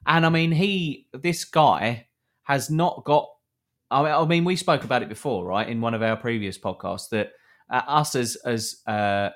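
Rambling Southeast English podcast host. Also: male voice, medium pitch, normal speed, fairly bright tone. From Southeast England. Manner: rambling, many fillers and restarts. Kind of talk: casual live podcast chat.

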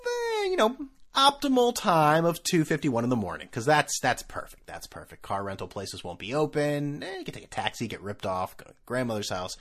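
A man's voice: a little high, huge pitch swings, fairly quick, a bit bright. A man hosting a solo podcast, ranting casually in a sarcastic, profane, rambling way. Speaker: podcast host.

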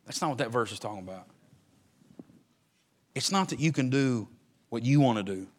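A man preaching a sermon to his church. He swings from shouted, drawn-out lines to quiet, fast, joking asides. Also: mid-range voice, animated. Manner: folksy, joking. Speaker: pastor. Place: church sanctuary.

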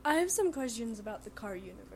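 Female podcast guest, high pitch, sick strained voice, playful. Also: sing-song, fast talker, a little mellow, a little hiss or hum. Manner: playful, asks absurd questions. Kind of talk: casual chat among friends.

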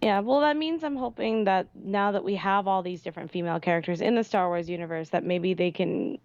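A woman on a casual fan podcast, talking at length in an animated, rambling way with many fillers. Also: mid-range voice, fairly quick, no room sound. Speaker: podcast panelist. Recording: dull lo-fi dry sound.

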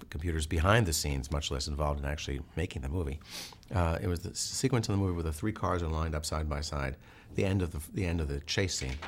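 A man, a film director, calmly explaining in detail how he planned a stunt shot. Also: very deep voice. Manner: measured, explanatory. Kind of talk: detailed interview recollection. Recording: noisy interview recording.

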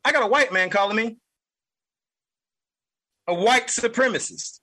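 A man's voice: extremely high pitch, a little slow, pushed and bright, poor audio. A man hosting a political podcast, delivering an angry, heated monologue and repeating lines for emphasis. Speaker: podcast host.

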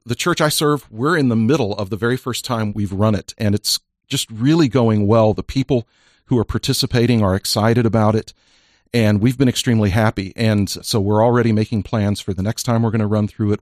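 A man's voice: lowish voice, fairly quick, no echo, clean studio sound. A man who is a pastor and podcast host, joking with guests and then earnestly explaining a church program. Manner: jovial, earnest when explaining. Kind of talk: casual chat and enthusiastic endorsement.

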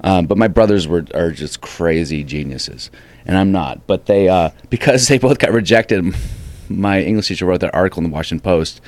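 A man's voice: low voice, moderate pace, no room sound. A young man from Northern Virginia, a comedian guest, telling easygoing, self-deprecating stories in a casual interview.

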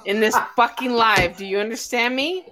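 High, bright-voiced woman hosting a live chat. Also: normal speed. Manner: loud, emphatic, swears freely. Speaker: live stream host. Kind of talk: casual chat.

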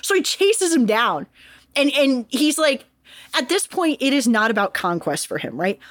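Animated, foul-mouthed woman storyteller. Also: high-pitched, moderate pace, dry recording, clean studio sound. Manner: profane, animated, breaks into quoted voices. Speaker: podcast host. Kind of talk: casual comedic history storytelling.

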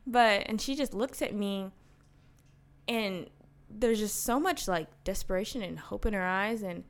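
A woman's voice: mid-range voice, a little slow. Young woman, co-host, chatty storyteller who laughs often. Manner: storytelling, laughs often, lively quoted voices. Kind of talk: casual chat.

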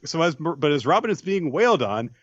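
A man's voice: a little high, very animated, brisk, fairly bright tone, no room sound, muffled recording. A man casually recapping an anime episode with wry asides and short acted quotes. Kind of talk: casual chat.

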